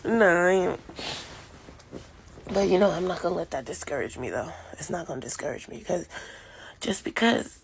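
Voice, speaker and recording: A woman's voice: on the low side, lively intonation, moderate pace, vocal fry, pauses often, slight background noise. A sleepy woman rambling to the camera in a casual vlog, often dropping to a half-whisper and yawning as she talks. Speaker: vlogger.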